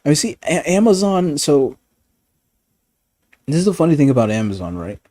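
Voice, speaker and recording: A man ranting in casual chat as a streamer, animated and profane, often laughing. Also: fairly high pitch, moderate pace, dry recording, clean studio sound.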